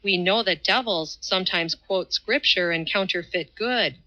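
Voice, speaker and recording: Audiobook role: woman reading a zealous Highland duelist, solemn and preachy, slightly low voice. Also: unhurried, bright, forceful tone, lo-fi sound. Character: fierce devout Highland swordsman, grown man.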